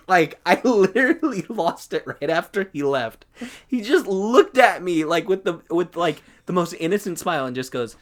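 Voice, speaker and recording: A young man tells a work story on a casual podcast, animated and quick to slip into quoted voices for the people in it. He talks into a home podcast mic. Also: a little high. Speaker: podcast co-host.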